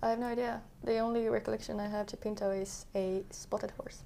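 A woman taking part as the student in a casual spoken lesson, self-deprecating and quick to giggle. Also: on the high side, level tone, gravelly, warm tone.

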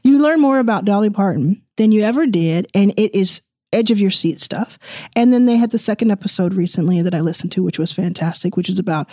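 A woman's voice: mid-range voice, lively intonation, a little fast, warm tone, no room sound, clean studio sound. A woman hosting a podcast, chatting with enthusiasm and often restarting her sentences. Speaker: podcast host. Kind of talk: casual chat and self-read outro.

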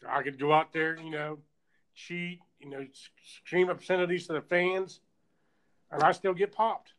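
A man's voice: on the high side, steady tone, measured pace, a bit bright, poor audio. A man recalling his wrestling past in casual talk, full of "you know" fillers. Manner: loose, filler-heavy recollection. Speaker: podcast guest, former wrestler. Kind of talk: casual conversation, recalling matches.

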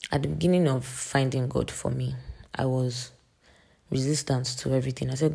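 A woman's voice: extremely low pitch, fairly even intonation, normal speed, gravelly, dark tone, husky. A woman in her late teens hosts a faith podcast, talking earnestly in a rambling way with many fillers. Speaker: podcast host. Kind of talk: faith encouragement podcast monologue.

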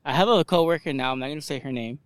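A young man with a slightly high voice chats crudely on a podcast, joking and swearing. He tells stories by acting out what people said. The sound is dry and close, with no room around it. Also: very fast, clear, resonant tone, no room sound. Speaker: podcast co-host. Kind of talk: casual chat.

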